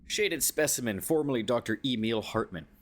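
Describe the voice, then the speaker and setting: A man voicing a formal male newscaster who reads out an official report in a crisp announcer delivery. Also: medium pitch, lively intonation, normal speed, a little hiss or hum, close to an everyday voice.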